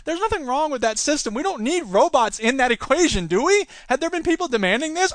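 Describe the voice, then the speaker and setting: High-voiced, sarcastic male podcaster. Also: sing-song, fast, hardly any pauses, a bit bright, no room sound. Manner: sarcastic, exasperated ranting. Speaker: podcast host. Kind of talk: solo comedic podcast rant.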